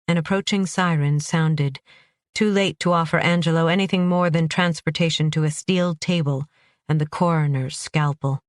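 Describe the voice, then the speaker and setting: A mid-pitched narrator reads a first-person thriller in a steady, even way. The sound is dry and close, with no room around it. The pacing stays measured throughout. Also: no room sound. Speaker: audiobook narrator.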